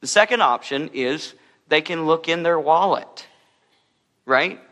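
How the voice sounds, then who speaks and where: A man's voice: a little high, measured pace, pushed and bright, long reverb tail. A man preaching a sermon as a pastor, in a conversational style with humorous asides.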